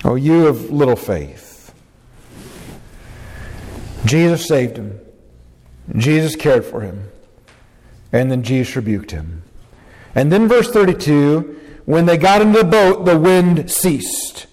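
A man preaching a sermon, animated and acting out the quotes he reads. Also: a little slow, long pauses. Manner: animated, acting out quotes with big pitch jumps. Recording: long hall reverb.

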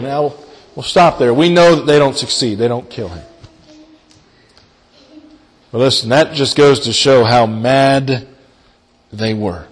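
A man preaching a sermon in a dramatic manner, swinging between loud emphasis and hushed asides and repeating key phrases. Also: mid-range voice, takes it slowly, pauses often. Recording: long hall reverb.

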